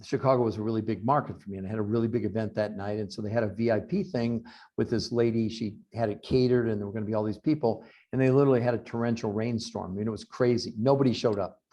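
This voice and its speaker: A man who researches health, telling long anecdotes in an interview over a video call, acting out quoted lines. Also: lowish voice. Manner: animated anecdotes with acted-out quotes. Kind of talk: storytelling in an interview.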